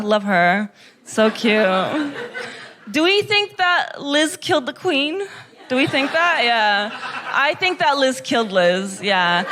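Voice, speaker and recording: A woman's voice: very high-pitched, sharp tone, slight background noise. A woman from Kazakhstan performing a stand-up comedy set, full of sarcastic, mock-gushing irony. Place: comedy club.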